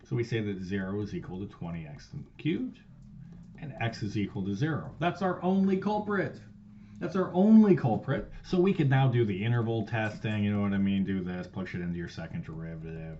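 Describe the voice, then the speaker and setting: A man teaching a casual recorded math lesson, loose and profane, swinging between loud stressed words and quiet trailing asides. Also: lowish voice, highs cut off, a little hiss or hum. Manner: loose and profane, swears casually while explaining.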